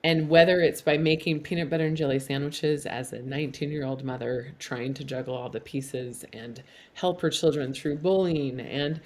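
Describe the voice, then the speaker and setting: Casting: middle-aged woman, candid interview guest, earnest with flashes of self-mocking humor. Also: deep voice. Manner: earnest, animated, laughs at herself. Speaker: podcast guest.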